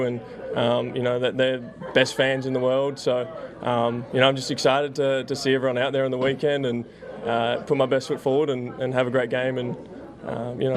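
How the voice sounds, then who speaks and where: A young man from Australia with an Australian accent, a football punter being interviewed, who talks haltingly with many fillers. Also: medium pitch, completely flat delivery. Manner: halting, lots of fillers and restarts.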